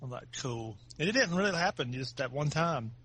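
A man's voice: fairly high pitch, lively intonation, quick pace, sharp tone, breathy edge. A man, a podcast guest, telling a playful story in a casual chat, laughing often.

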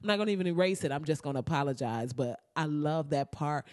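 A young woman in a casual reaction vlog, talking excitedly and profanely, laughing often and slipping into mock-outraged asides. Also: low-pitched, fast talker, no room sound, clean studio sound. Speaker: vlogger reacting to a movie trailer.

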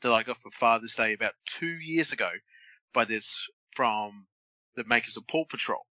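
A man in his thirties co-hosts a casual podcast, throwing out teasing, crude jokes. His voice is very bright and sharp. It is recorded close and dry. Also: medium pitch, moderate pace, dry recording, low-quality recording. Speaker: podcast co-host. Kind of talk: casual chat.

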